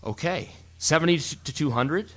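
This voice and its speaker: A man co-hosting a casual photography podcast, explaining in an animated, rambling way with frequent restarts. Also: a little high, unhurried. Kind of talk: casual chat.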